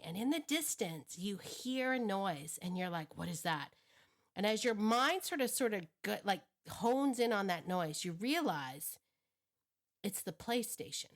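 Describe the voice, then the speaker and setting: Woman dog trainer, lively teaching monologue, chuckles, restarts lines, mid-pitched voice. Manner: animated, acts out inner thoughts, laughs often; frequent restarts and repeated words. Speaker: dog trainer, show host.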